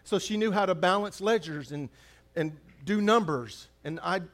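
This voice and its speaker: High-voiced man preaching. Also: moderate pace, fairly bright tone. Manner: conversational preaching, humorous asides, repeats phrases for emphasis. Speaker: pastor. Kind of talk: sermon.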